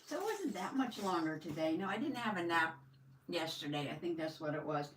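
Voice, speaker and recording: A woman's voice: lowish voice, expressive, fairly quick, a little hiss or hum. An older woman hosting a casual live journaling stream, chatting with viewers and greeting them with a folksy "howdy". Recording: echoey room, mic at a distance.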